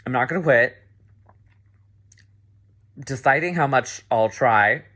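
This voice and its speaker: Bright-voiced man in a swearing rant. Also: mid-range voice, slow pace. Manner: frustrated, swearing, repeats himself. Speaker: reality game contestant. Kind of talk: confessional rant.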